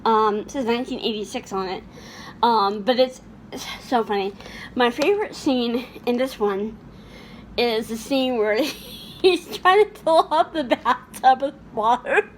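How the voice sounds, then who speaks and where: Chatty high-voiced woman vlogger. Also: measured pace, slight background noise. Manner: chatty, laughs often, many fillers and restarts. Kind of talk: casual chat about favorite movies.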